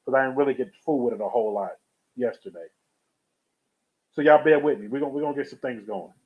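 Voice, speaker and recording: Here a man with a mid-range voice talks at a quick pace while live-streaming, chatting loosely through a rambling story and welcoming people from the chat. A webcam or USB streaming setup records him, giving a tinny, phone-like quality.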